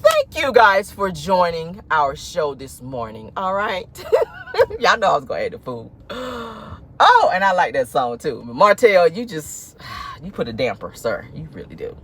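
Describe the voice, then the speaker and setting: A woman streaming celebrity gossip from her car, sassy and animated, calling her viewers honey and child. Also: lowish voice, unhurried, breathy edge. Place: inside a car.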